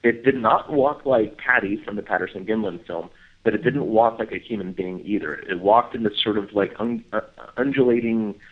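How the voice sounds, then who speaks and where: A man, a guest researcher, telling a field story in a casual interview, full of fillers, acting out other people's lines in a high voice. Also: normal speed. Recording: tinny phone line.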